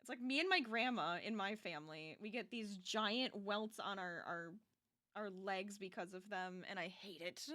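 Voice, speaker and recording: A woman's voice: mid-range voice, moderate pace, pushed and bright. A young adult woman streaming as she crochets, chatting casually and animatedly with her viewers and laughing often.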